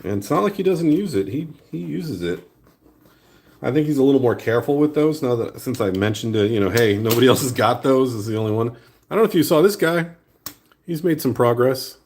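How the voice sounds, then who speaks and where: A man's voice: mid-range voice, fairly quick. A man making an art vlog, chatting casually and rambling easily as he sculpts a small creature. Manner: relaxed, rambling talk while working with hands. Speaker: art vlogger. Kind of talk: casual chat while sculpting. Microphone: new phone.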